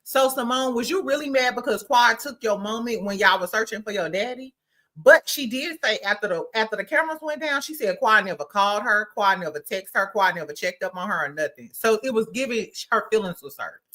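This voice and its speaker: A woman's voice: fairly high pitch, animated, a little fast, bright, forceful tone. A woman hosting a casual, slangy recap chat, acting out quotes and laughing often. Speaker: podcast host.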